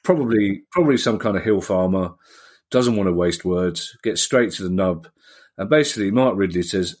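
A man's voice: sits low, animated, moderate pace, darkish tone. A man co-hosting a football podcast, chatting casually and jokingly reading out listener questions. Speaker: podcast co-host. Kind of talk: casual chat.

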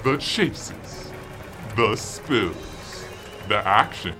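A man's voice: on the low side, sing-song, extremely slow. A man doing a spoof movie-trailer voice-over with dramatic announcer delivery. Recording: voice over loud music.

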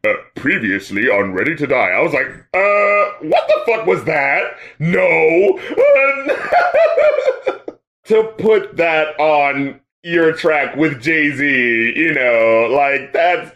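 A man's voice: medium pitch, fairly bright tone, highs cut off. A man co-hosting a casual podcast chat, loose and profane, laughing often and acting out reactions. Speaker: podcast co-host reviewing albums.

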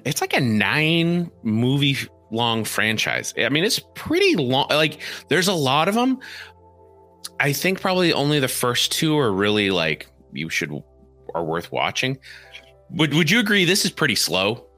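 A man co-hosting a casual movie review chat, joking and animated, often breaking into silly impressions. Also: mid-range voice, moderate pace, soft background music. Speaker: podcast co-host.

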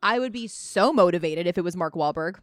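A woman's voice: on the low side, lively intonation, fairly quick, no echo, clean studio sound. A woman co-hosting a podcast, chatting casually, reacting and joking. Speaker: podcast co-host. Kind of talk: casual chat.

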